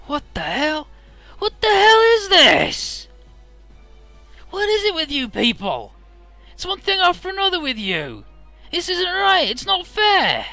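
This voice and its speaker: Man playing a vengeful alien villain, shrill and furious, lively voice, bright edge. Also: unhurried, gravelly, long pauses, no echo, soft background music, heavily acted. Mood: raging.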